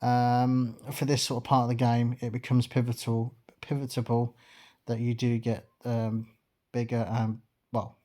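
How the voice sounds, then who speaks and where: Guy doing let's play commentary, chatty and rambly, lots of ums, middle pitch voice. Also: completely flat delivery, measured pace, dark tone. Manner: rambling and chatty, many fillers. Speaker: gaming channel host.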